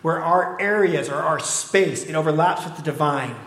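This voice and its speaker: A man's voice: a little high, normal speed, fairly bright tone. A middle-aged man preaching a sermon as pastor, conversational, with rhetorical questions to the congregation. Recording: echoey hall.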